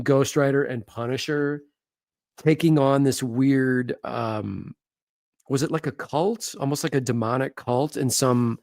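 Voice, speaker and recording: Gravelly, enthusiastic comic artist man. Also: medium pitch, a little mellow, no room sound. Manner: enthusiastic, slangy, swears casually. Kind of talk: casual chat about comics.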